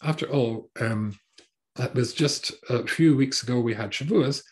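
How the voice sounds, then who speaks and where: A man's voice: medium pitch, measured pace. A man teaching a Torah class as a rabbi, translating line by line with wry, sarcastic asides and hesitant restarts.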